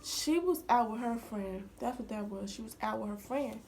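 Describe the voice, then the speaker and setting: Young woman vlogger, storytime delivery, slightly high voice with plenty of vocal fry, chatty asides to the audience. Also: moderate pace, a little hiss or hum. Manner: chatty, addresses viewers directly, drops into hushed asides. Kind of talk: casual storytime to viewers.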